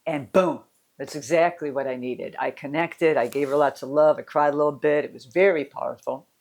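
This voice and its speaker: A woman's voice: sits low, fairly even intonation, fairly quick. Candid rambling woman coach. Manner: candid, rambling, with restarts and soft laughs. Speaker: mental fitness coach. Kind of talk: casual personal talk.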